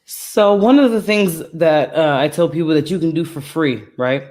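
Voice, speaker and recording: A woman podcaster speaking as a guest in a calm, serene, soothing voice, soft-spoken with many fillers. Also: sits low, normal speed. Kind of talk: casual interview chat.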